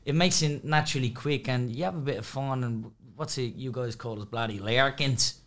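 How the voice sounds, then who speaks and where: A young Irish man with a Dublin accent, chatting as a guest on a podcast, quick-witted and telling stories with casual swearing. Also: medium pitch. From Ireland.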